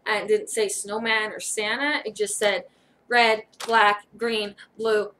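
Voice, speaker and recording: Tired, slow-talking woman vlogger. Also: mid-range voice, slight background noise. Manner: relaxed, rambling, thinking aloud. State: tired, yawning. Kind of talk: casual try-on vlog.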